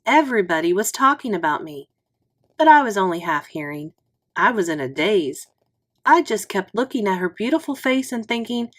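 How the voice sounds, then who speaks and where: A woman reading a children's chapter book aloud in an expressive, unhurried storytelling manner. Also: mid-range voice.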